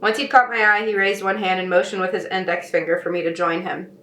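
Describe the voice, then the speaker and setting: This woman writer talks fast in a bright, forceful, mid-range voice with fairly even intonation. She reads a novel aloud and breaks in with casual, snarky, sarcastic asides, and the echoey room has faint noise.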